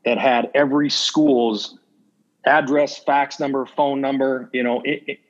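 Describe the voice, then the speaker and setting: A male assistant football coach, guesting on a podcast, speaks a little slowly with a steady tone at medium pitch. He's forthright in the laid-back interview and acts out conversations he remembers while telling stories. The sound quality is dull and lo-fi.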